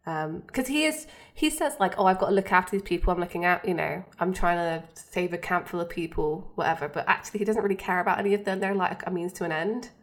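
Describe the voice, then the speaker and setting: A woman's voice: fairly low pitch, quick pace, hardly any pauses. A woman co-hosting a podcast, recapping a TV episode in a chatty, casual way with lots of fillers. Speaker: podcast co-host.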